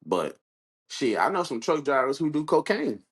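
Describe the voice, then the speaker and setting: A man's voice: mid-range voice, sing-song, normal speed, breathy edge. Profane young man telling stories. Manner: loose, profane storytelling with slang. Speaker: podcast co-host. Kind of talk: casual chat.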